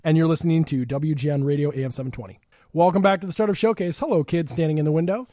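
Guy hosting a radio show, talks fast and rambles, dry close studio mic. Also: on the high side, warm tone, no room sound. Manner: rambling, chatty, quick to laugh. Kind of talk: casual radio talk.

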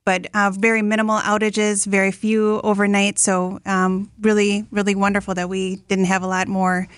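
A woman's voice: medium pitch, level tone, normal speed, smooth, no room sound. A woman representing a utility company on a studio radio interview, friendly and explaining with fillers.

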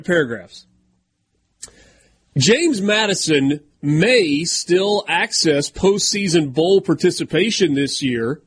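Southern male sports radio host, slightly high voice, reads rulings aloud then talks them over casually. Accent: Southern American. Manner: reads documents aloud, then riffs conversationally.

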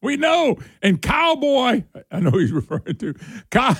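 A man hosting an opinionated political talk show, sarcastic and quick to laugh. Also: sing-song, vocal fry, fairly bright tone, husky, no echo, clean studio sound. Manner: sarcastic, laughs often, voice jumps high when mocking. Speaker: radio talk show host.

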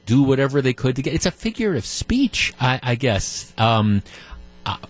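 This is a man hosting talk radio from a studio. His voice sits at an ordinary middle pitch, and he speaks conversationally, often stopping and restarting a thought and repeating his words as he argues. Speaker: radio talk show host. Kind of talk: talk radio commentary with callers.

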